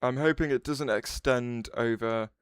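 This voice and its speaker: A man streaming live and chatting loosely with his viewers, often breaking off mid-sentence to start over. His voice is smooth and clean, and it is recorded dry and close with no room sound. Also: medium pitch, measured pace, no room sound. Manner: rambling, restarts sentences, answers chat aloud. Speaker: livestreamer. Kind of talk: casual livestream chat.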